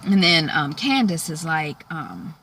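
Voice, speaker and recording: A woman recapping a TV episode in a chatty, animated way, full of fillers. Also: low voice, unhurried, a little hiss or hum. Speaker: show recapper. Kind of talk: casual TV recap.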